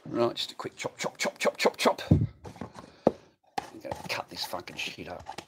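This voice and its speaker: A man's voice: sits low, normal speed, noisy background. A man in his forties chatting casually on a livestream from his garage workshop, telling rambling, profane stories. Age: 40s.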